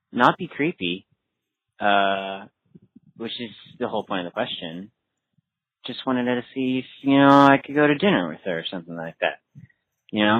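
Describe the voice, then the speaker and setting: A man's voice: mid-range voice, no room sound. A man calling in to ask for advice, hesitant and earnest. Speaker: caller. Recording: phone-line sound.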